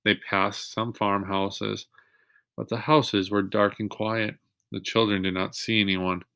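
A man reading a children's chapter book aloud in a steady voice, pausing now and then to ask young listeners questions. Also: on the low side, vocal fry, dry recording, clean studio sound. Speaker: reader.

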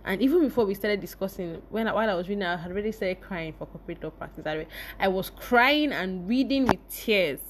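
A woman's voice: medium pitch, lively intonation, fairly quick, few pauses, slight background noise. A young woman vlogger telling her viewers an emotional personal story and speaking to them directly.

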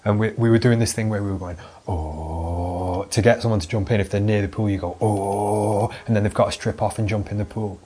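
A man's voice: fairly low pitch, flat delivery, very fast, hardly any pauses, a little mellow. A young British man hosting his own podcast, telling a long, sweary anecdote in a loose, rambling way. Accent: British English. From Britain. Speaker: podcast host. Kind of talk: solo rambling storytelling monologue.

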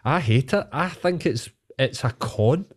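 A man's voice: medium pitch, expressive, a little slow. Scottish man, podcast co-host, casual chat, ranting, heavy swearing.

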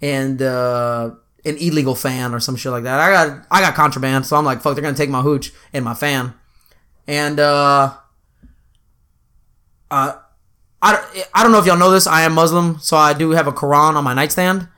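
Bright-voiced man telling a wild story. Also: a little high, normal speed. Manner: animated, profane, laughs often. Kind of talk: casual storytelling chat.

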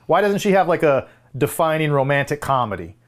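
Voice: medium pitch, sing-song, fairly quick. A podcast co-host giving emphatic opinions in a casual film discussion. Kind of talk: casual movie-discussion chat.

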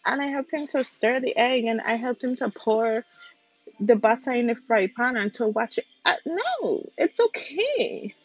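A woman's voice: a little high, animated, measured pace, dry recording, soft background music. A young woman talking straight to her listeners on a casual home podcast, emphatic and ranting. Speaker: podcast host. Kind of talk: casual opinion podcast monologue. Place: home, with family nearby. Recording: slightly dull lo-fi sound.

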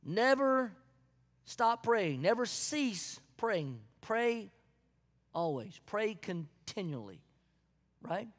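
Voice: medium pitch, big pitch swings, drawn-out words, pauses often, in a large hall. A pastor with a Southern US accent preaching a sermon with folksy asides and sudden whoops of joy.

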